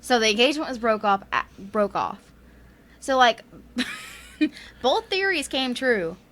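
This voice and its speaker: On a podcast, a female co-host with a Southern US accent casually retells a ghost story. Her voice sits on the high side, sing-song, unhurried and a bit bright, and she rambles with lots of fillers and laughs often.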